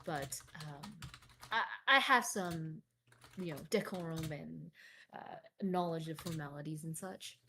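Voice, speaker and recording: A woman's voice: deep voice, a little slow, pushed and bright, slight background noise, full character voice. A woman playing a hesitant, weary wandering ex-bodyguard. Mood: polite. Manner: hesitant, rambling, polite. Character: weary drifting former bodyguard traveler. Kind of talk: tabletop role-play in character.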